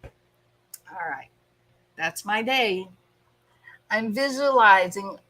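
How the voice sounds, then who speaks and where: Bright slow-talking woman chatting live. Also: medium pitch. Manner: animated, laughing, addresses viewers by name. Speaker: host. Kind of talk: casual live-stream chat with viewers.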